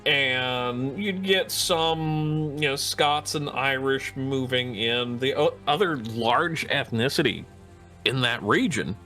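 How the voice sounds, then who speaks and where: A man's voice: mid-range voice, slow pace, pushed and bright, soft background music. A man with a Midwestern American accent, chatting as a guest on a casual podcast in a rambling, hesitant way. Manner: rambling, hesitant, with many restarts. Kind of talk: casual chat.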